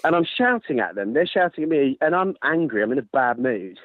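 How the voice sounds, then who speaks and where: A man telling a running story in casual chat, animated, swearing and laughing as he goes. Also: mid-range voice, a little fast, no echo. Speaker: ultrarunner guest. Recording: tinny phone-line sound, dry.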